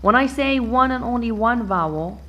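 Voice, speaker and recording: A woman's voice: a little high, animated, moderate pace, muffled recording. A woman English teacher explaining a lesson patiently, repeating key points, asking "okay?" and drawing out important words. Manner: stretches out and stresses key words while explaining. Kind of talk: classroom-style explanation.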